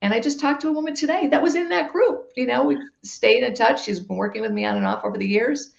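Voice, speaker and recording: A woman guest telling a personal story in a podcast conversation, emphatic and lively. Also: fairly high pitch, quick pace, creaky. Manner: animated, emphatic storytelling with laughs. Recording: roomy, dull-sounding recording.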